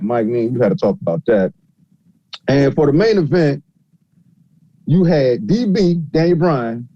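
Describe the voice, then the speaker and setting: A man's voice: medium pitch, dry recording, dull audio. Rambling man hosting a podcast. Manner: rambling, filler-heavy. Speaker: podcast host. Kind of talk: casual show recap.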